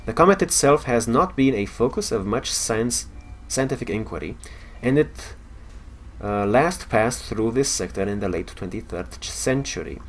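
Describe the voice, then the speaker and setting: A man with a Romanian accent reading the log of a curious male science officer in a space game, measured with small stumbles. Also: mid-range voice, expressive.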